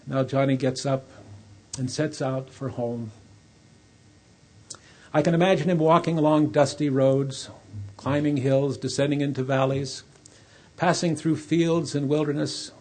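A preacher telling a sermon story in a slow, vivid, dramatic way, with a husky voice. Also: male voice, mid-range voice, steady tone, a little mellow.

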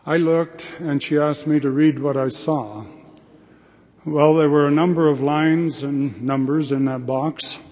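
An older man delivers a devotional address in a large hall, speaking plainly and with measure. His voice sits a little high but sounds mellow and dark. The long reverb of the hall trails after his words. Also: steady tone, measured pace.

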